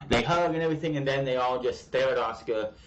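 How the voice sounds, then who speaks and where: A man's voice: medium pitch, fast talker, rough recording. A man giving a blunt, profane, ranting opinion on wrestling shows in a casual vlog. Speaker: wrestling show commentator.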